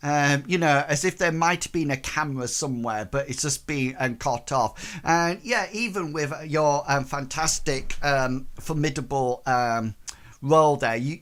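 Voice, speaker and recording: Male game master, slow and halting, lots of fillers, mid pitch. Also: fairly bright tone. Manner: hesitant, full of ums and likes. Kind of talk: narrating a tabletop game.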